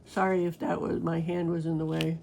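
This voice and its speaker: A woman's voice: lowish voice, flat delivery, brisk, gravelly, dark tone, slight background noise. A woman crafting vlogger chatting casually and rambling to her viewers while she works on a diamond painting.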